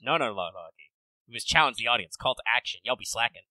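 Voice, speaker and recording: Fast, bright-voiced man chatting. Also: mid-range voice, dry recording, rough recording. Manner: rambling, swearing, quick bursts of excitement. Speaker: podcast co-host. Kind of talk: casual chat.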